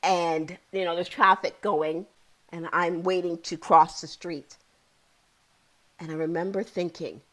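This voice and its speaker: A woman's voice: lowish voice, fairly even intonation, unhurried, poor audio. Earnest woman telling a personal story. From Ontario, Canada. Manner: earnest, emotional, repeats key phrases. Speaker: psychotherapist guest.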